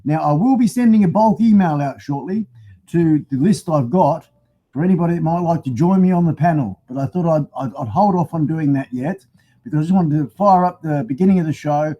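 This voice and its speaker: A man's voice: on the high side, fairly quick, muffled recording. A middle-aged Australian man hosting a live stream from a home garage full of motorbikes, talking into a phone used as a webcam, rambling and chatty, laughing often and swearing mildly. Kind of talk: casual live-stream chat.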